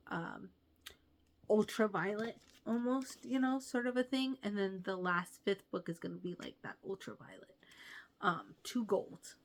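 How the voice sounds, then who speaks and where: A young woman hosting a casual book review vlog, gushing and chatty with many fillers. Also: mid-range voice.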